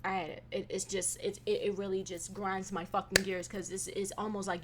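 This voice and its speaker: A young woman hosting a casual solo podcast, venting in a profane, animated way with sudden loud bursts. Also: mid-range voice, fairly quick, hardly any pauses, heavy background noise. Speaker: podcast host.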